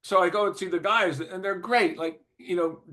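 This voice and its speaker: A man's voice: sits high, moderate pace, a bit bright. Older man telling a rambling story. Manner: rambling, lots of "you know" and restarts, clears his throat often. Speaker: interview guest, former record executive. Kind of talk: casual anecdotal storytelling.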